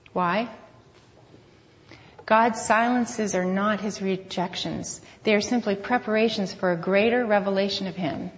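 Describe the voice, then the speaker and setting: Earnest woman speaking in a reverberant hall. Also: mid-range voice. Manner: earnest, measured, reflective. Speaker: conference speaker. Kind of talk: Christian talk with scripture reading. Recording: long hall reverb, dull lo-fi sound.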